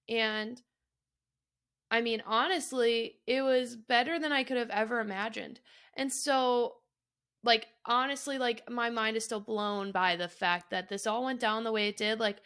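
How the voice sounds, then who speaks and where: A woman's voice: fairly high pitch, a bit bright, clean tone. A woman hosting her own podcast, talking candidly and emotionally, swearing freely and choking up at times. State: choked up at times. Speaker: podcast host. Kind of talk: personal solo podcast.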